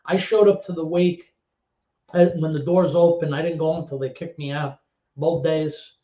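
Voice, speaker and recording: A middle-aged man tells a candid story as an interview guest, blunt and swearing, with halting repetitions. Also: a little high, fairly even intonation, mellow. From New York. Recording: roomy, dull lo-fi sound.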